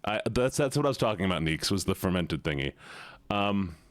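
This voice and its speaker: Male streamer, playful and chatty, very lively pitch, dry close mic. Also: brisk, no room sound. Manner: playful, animated, chatty with viewers. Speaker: live streamer. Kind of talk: casual live-stream chat.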